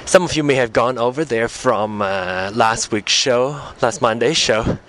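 Recorded on a mic clipped to a portable music player, a podcast host chats casually as he walks along a street before getting into a car. He's breathless, rambles, and corrects himself, speaking a little slowly in a medium-pitched, fairly bright voice.

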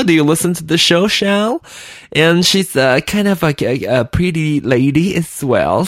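A man's voice: medium pitch, no echo, studio quality. A man hosting a solo podcast, rambling and giggling with many fillers, just woken up. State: just woke up, clammy. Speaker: podcast host. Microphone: desk mic at computer.

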